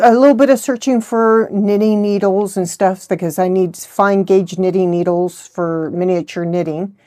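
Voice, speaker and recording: A middle-aged woman hosting a crafting vlog, chatting in a rambling, good-humored way. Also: medium pitch. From United States. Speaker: host of a knitting channel. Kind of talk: casual chat.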